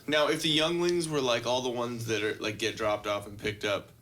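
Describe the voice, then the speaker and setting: A young man co-hosting a podcast in casual chat, swearing freely and laughing loudly. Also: mid-range voice, normal speed. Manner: animated, swearing, bursts of loud laughter. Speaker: podcast co-host.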